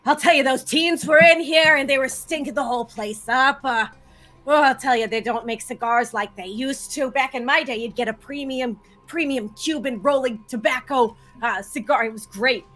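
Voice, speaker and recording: Brief: a woman playing a chatty dead Southern grandma type, bright and rambling, slightly high. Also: normal speed, soft background music. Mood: gossipy. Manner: rambling, folksy, nostalgic chatter. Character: gossipy ghost of an old small-town woman. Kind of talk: tabletop role-play.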